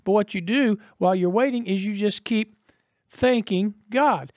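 A man's voice: sits high, moderate pace, darkish tone, no echo, clean studio sound. A man preaching a sermon as a pastor, earnest and conversational, posing rhetorical questions to his listeners.

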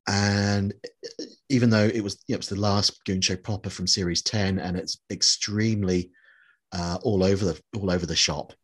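A man's voice: low voice, fairly even intonation, normal speed, slightly rough. A middle-aged man from New Zealand chatting reflectively, with many fillers and restarts. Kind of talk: casual chat.

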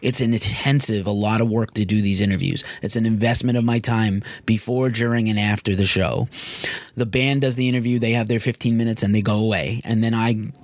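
A man's voice: lowish voice, fairly even intonation, a little fast, no room sound. A man who is a music journalist and podcast host, talking candidly in casual podcast chat, frank and a little exasperated.

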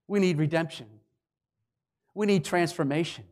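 A man preaching a sermon, swinging between loud declarations and hushed, quiet lines. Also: on the high side, moderate pace. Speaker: pastor.

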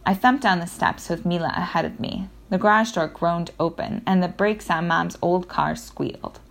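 A woman narrating a children's audiobook in the first person, in a lively storytelling manner with occasional self-corrections. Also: lowish voice, moderate pace.

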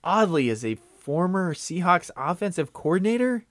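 A man co-hosting a sports podcast, chatting casually, animated, exclaiming and joking. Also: sits high, normal speed, no room sound. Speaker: podcast co-host. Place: room with a window open.

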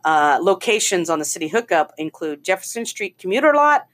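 A woman's voice: on the low side, big pitch swings, fairly quick, fairly bright tone. Chatty woman co-hosting a casual show. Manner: chatty, laughing, swears freely. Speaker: podcast co-host. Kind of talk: casual chat.

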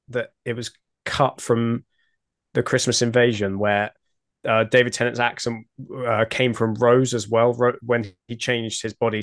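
A man's voice: mid-range voice, no echo, studio quality. A man guesting on a podcast, talking casually and repeating words as he gathers his thoughts. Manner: hesitant, repeats words as he thinks. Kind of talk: casual chat.

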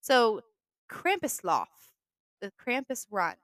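A woman's voice: mid-range voice, normal speed, fairly bright tone, smooth, dry recording. A young woman with a Boston accent co-hosting a podcast, chatting casually and joking with a lot of swearing. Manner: profane, joking, loose storytelling. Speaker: podcast co-host. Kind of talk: casual chat.

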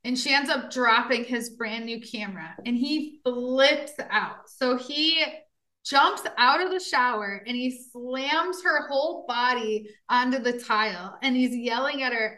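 Podcast co-host, woman, bright forward voice, casual true crime storyteller with a bit of a high pitch. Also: measured pace. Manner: chatty storyteller, frequent fillers and laughs.

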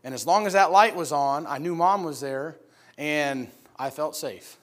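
Animated middle-aged preacher telling stories. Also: male voice, a little slow. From upstate New York. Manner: animated, acts out voices of people in his story with loud high shouts. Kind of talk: sermon storytelling.

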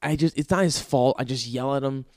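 A man's voice: medium pitch, a little fast, a little mellow, no room sound, clean studio sound. A young man hosting his own podcast, telling stories in an exasperated, profane, ranting way with sighs and laughs between bits. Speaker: podcast host. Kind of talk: casual comedic monologue.

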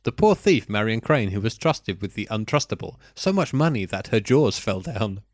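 A man's voice: lowish voice, sing-song, normal speed, dry recording, clean studio sound. A man putting on a mock French accent to voice a pompous male film critic with grand, lofty phrasing. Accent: put-on French.

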